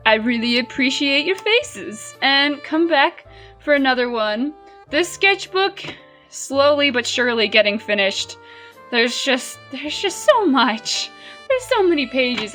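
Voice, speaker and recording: A young woman in her twenties talks casually to her viewers, rambling and full of fillers. Her voice sits a little high and sounds very bright and clear. Soft music plays faintly behind her. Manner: chatty, rambling, lots of fillers. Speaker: vlogger. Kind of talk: casual chat.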